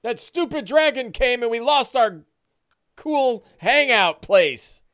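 A man voicing a cowardly orc warrior who whines and pleads in a high, strained voice. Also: lively intonation, slow pace, a bit bright, smooth, full character voice. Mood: pleading.

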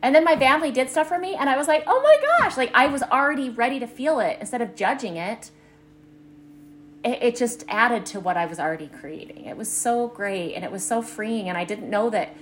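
A woman's voice: fairly high pitch, a little fast, fairly bright tone, a little hiss or hum. A middle-aged woman, a life coach co-hosting a podcast with her daughter, talking in an earnest, enthusiastic way, full of "like". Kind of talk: casual podcast chat.

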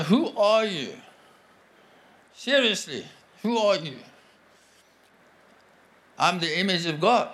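A man preaching a sermon in an earnest, conversational way, often pausing and restarting his sentences. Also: a little high, a bit bright. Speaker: guest preacher.

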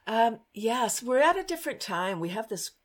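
A woman from Canada talking casually as an interview guest, chatty and laughing often. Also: fairly high pitch. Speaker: guest, worm composting business owner.

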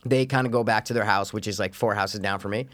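A man's voice: fairly low pitch, fairly even intonation, fast, fairly bright tone. A young man co-hosting a casual chat show, telling stories with lots of energy, acting out the people he quotes and swearing freely. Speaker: podcast co-host.

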